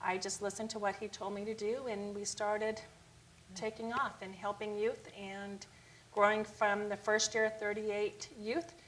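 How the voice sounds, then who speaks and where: A middle-aged woman, founder of a youth charity, telling her story in a TV talk interview, lively, acting out quoted people in a higher voice. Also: a little slow, a little hiss or hum, rough recording.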